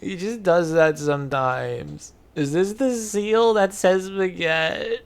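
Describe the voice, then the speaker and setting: Slow, tired low-energy vlogger with vocal fry. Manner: low-energy, flat mumbling delivery. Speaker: vlogger reacting to memes. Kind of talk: casual commentary.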